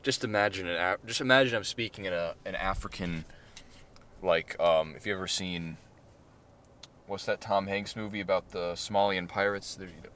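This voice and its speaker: A man reading his own short story aloud in a deadpan way, with casual, offhand asides. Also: deep voice, a little fast, slight background noise.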